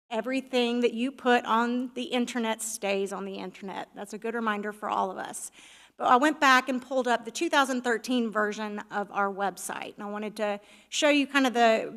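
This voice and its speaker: A woman's voice: a little high, fairly bright tone. Woman presenting in an echoing hall. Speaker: village staff presenter. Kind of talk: presentation to council. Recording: reverberant meeting hall.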